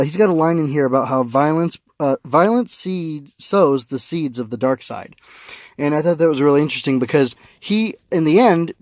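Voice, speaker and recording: A man's voice: mid-range voice, a little mellow, no room sound, clean studio sound. A man giving a casual spoken review of a comic, rambling with many fillers and restarts, recorded on a phone.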